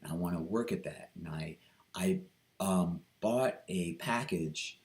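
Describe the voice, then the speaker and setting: A man talking through a reflective personal vlog, hesitant and earnest, with many pauses, ums and restarts. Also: sits low, a little mellow. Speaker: vlogger.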